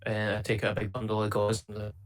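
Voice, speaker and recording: A man's voice: lowish voice, monotone, fast. A man playing in a tabletop game, talking in a matter-of-fact, methodical way. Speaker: player. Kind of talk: casual tabletop play.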